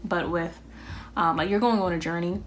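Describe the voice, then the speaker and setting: A woman with a fairly low voice talks through a tarot reading in a loose, rambling way, pausing often with ums as she thinks aloud. A faint hiss sits under the recording. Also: fairly even intonation. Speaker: tarot reader.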